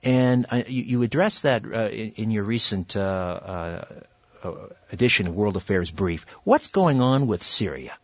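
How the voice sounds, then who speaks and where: A man's voice: fairly low pitch, expressive, a little slow, no echo, lo-fi sound. A man hosting a radio talk show, telling a story in a chatty way with many fillers and restarts. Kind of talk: conversational radio monologue and interview. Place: radio studio.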